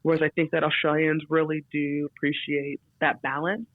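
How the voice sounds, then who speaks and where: A young American woman, a podcast guest, chatting casually and telling lively anecdotes. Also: low voice, moderate pace, no echo. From United States. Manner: animated storyteller, quotes others in lively voices. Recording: dry, slightly dull audio.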